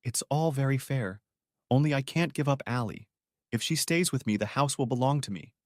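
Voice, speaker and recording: A man's voice: medium pitch, moderate pace, darkish tone, dry recording, clean studio sound, voice pushed up, lightly acted. A man voicing a remorseful middle-aged wife who sobs and pleads as she talks. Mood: pleading. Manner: tearful, pleading, whimpering.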